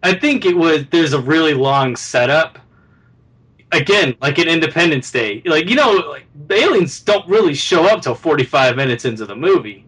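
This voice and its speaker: A man's voice: on the high side, lively intonation, normal speed, fairly bright tone, slightly rough, poor audio. A man co-hosting a casual podcast, reviewing a movie in a rambling way full of fillers and asides. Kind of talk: casual chat.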